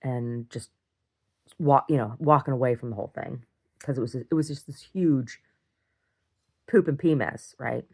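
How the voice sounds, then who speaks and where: A woman recording a casual video diary, rambling through an animated story and acting out what others said. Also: rumbling low, moderate pace, pauses often, slightly rough. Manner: rambling, animated retelling with acted-out quotes. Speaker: video diarist.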